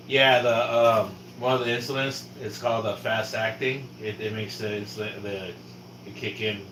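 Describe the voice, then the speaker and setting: A man from California with a lowish voice chats casually on a livestream over a noisy background. Low blood sugar has him shaky, and he rambles, swears and often loses his thread before restarting.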